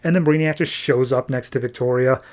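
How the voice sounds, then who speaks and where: A young man hosting a podcast, casually retelling a comic's plot with quick bits of acted dialogue. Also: medium pitch, steady tone, a little mellow. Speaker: podcast host recapping comics.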